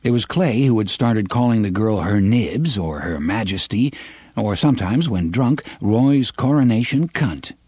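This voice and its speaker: A man reading a western novel aloud as audiobook narrator, with an expressive, varied delivery on a close studio mic. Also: fairly low pitch, measured pace, husky, no room sound. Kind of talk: scripted narration.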